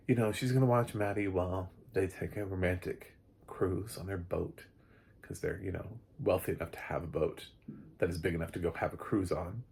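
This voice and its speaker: A man with a low, gravelly voice and a husky edge talks through a movie in a loose, joking way. He rambles with plenty of fillers and drops the occasional swear word. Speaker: movie reviewer. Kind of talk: casual spoken film review.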